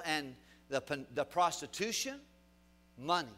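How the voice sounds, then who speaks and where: A male pastor preaching a sermon, swinging between loud emphatic bursts and quiet drops, asking the congregation questions as he goes. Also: high voice, expressive, normal speed, soft background music.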